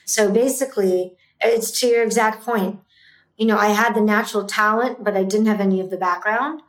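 A woman's voice: medium pitch, moderate pace. A middle-aged woman, an entrepreneur, telling her story in an interview, intense and emphatic. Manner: intense, emphatic, swears when fired up. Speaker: guest, entrepreneur. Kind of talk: emotional interview talk. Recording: roomy echo.

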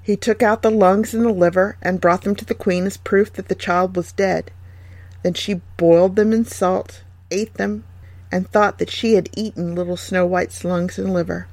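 A woman reading a fairy tale aloud in a gentle, measured way. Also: mid-range voice, fairly even intonation, no room sound. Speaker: storyteller.

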